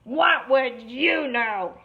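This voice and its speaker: A woman voicing a cocky, carefree little male pig in a storybook reading, talking in a perky, high voice, on a muffled lo-fi recording. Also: drawn-out words, full character voice. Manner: perky, higher and brighter than the narration.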